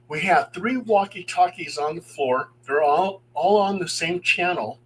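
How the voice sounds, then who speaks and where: Animated storytelling man, higher voice. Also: slight background noise, low-quality recording. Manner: animated, acts out voices in his stories. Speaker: paranormal investigator telling stories. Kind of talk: casual storytelling on a talk show.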